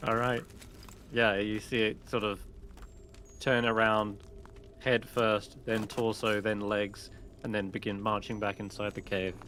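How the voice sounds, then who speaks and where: A man narrating a tabletop game as game master, lively and quick to laugh. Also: fairly low pitch, background noise.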